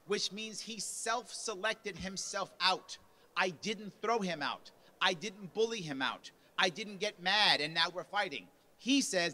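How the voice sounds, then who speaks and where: Slightly slow and sharp in tone, a man with a high-sitting voice gives a punchy motivational speech at a party convention, acting out quotes with rising volume. The convention lunch hall recording carries slight background noise.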